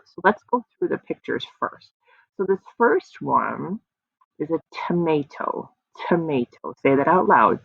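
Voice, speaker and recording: A young woman leads little children through an online phonics lesson, slow and encouraging in a sing-song way. Her voice has a slight gravelly edge. The sound is dry and a little dull, like a basic computer mic. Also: deep voice, dry recording. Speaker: kindergarten teacher.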